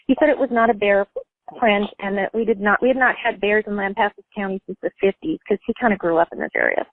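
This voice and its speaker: A woman with a medium-pitched voice speaks quickly on a thin, tinny phone line as a caller telling a personal story. She wanders from point to point, leaning on "like" and "you know" in nearly every phrase. The sound is dry, with no room around her.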